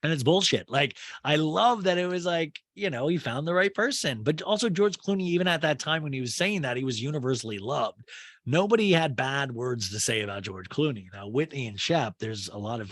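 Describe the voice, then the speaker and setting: A man's voice: mid-range voice, animated, moderate pace, a bit bright, dry recording. A man recaps an episode as podcast host, rambling with plenty of filler words. His delivery swings up and down with animation, and the recording is dry and close.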